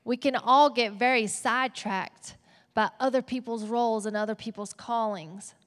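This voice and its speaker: A woman with a Texas accent preaching a sermon as a pastor, animated and playful with asides. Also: a little high, normal speed. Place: church auditorium. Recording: long hall reverb.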